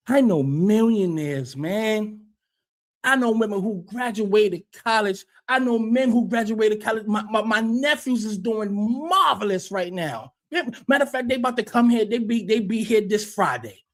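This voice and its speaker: Combative high-voiced host, cursing freely. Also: male voice. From United States. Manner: profane, combative, repeats himself. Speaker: livestream host. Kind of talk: heated livestream rant.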